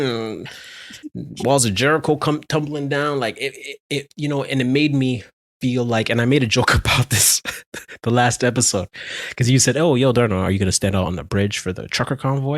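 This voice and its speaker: A man co-hosting a podcast, telling a story in animated casual chat, laughing often and restarting his sentences. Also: mid-range voice, moderate pace, no room sound. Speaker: podcast co-host.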